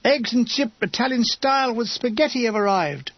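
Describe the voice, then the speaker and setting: A wavery, chatty Cockney woman of about fifty, as a male reader puts her on, raised high and calling everyone darling. Her rough, gravelly tone sits in a dull, dry audiobook recording. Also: expressive, normal speed, dry recording, full character voice. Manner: chatty, motherly, calls people darling.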